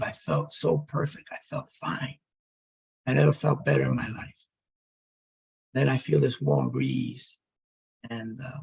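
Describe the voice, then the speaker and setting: A man telling his near-death story as emotional personal testimony, halting and pausing as he speaks. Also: medium pitch, creaky, a little mellow, slightly rough, dull audio. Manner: halting, emotional, with pauses and restarts.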